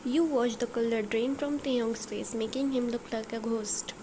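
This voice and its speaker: A woman reading a fan fiction story aloud in a steady, plain voice. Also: a little high, moderate pace. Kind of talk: storybook narration. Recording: noisy background.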